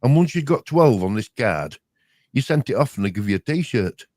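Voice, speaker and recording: A man's voice: medium pitch, big pitch swings, normal speed, darkish tone, dry recording, clean studio sound. An older man with a Yorkshire accent, rambling through broad-dialect memories in casual chat as a show's co-host. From Yorkshire, England. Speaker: podcast co-host.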